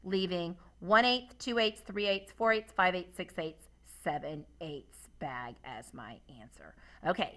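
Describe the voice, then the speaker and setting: A woman's voice: medium pitch, bright, forceful tone. A woman teacher walking students through a math demonstration, upbeat and asking them questions as she goes. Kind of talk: classroom demonstration lesson.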